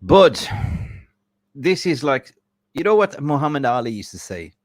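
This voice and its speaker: A man's voice: medium pitch, very animated, measured pace, no echo, clean studio sound. A young man hosting a fan podcast livestream, effusively thanking supporters by name and stumbling over names. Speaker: podcast host.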